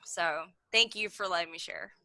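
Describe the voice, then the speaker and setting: A woman's voice: fairly low pitch, normal speed, bright, forceful tone, dry recording. A woman in her thirties telling a rambling story on a video call, filling every gap with "like". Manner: rambling, packed with "like" fillers. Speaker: meeting participant sharing a story. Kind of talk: casual chat on a video call. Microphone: video call mic.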